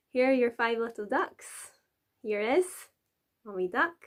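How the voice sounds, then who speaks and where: A woman's voice: fairly high pitch, expressive, slow. Cheery Glaswegian woman teaching a rhyme. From Scotland. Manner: chatty and encouraging, with frequent laughs. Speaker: nursery teacher. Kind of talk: friendly tutorial for adults.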